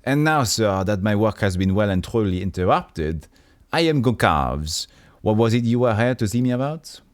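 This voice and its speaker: A man's voice: lowish voice, lively intonation, moderate pace, dry recording, studio quality, lightly acted. A man voicing a prim, haughty middle-aged tailor who scolds in a condescending way.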